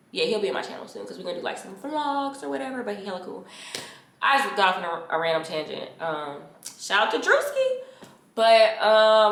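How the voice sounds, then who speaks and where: A young woman, telling a story to her viewers in a casual, animated and slangy way. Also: medium pitch. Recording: roomy echo.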